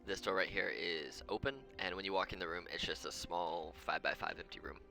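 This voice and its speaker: A man's voice: low voice, brisk, vocal fry, pushed and bright, faint music behind. A man running a tabletop game as game master, rambling as he thinks aloud and counts out moves under his breath.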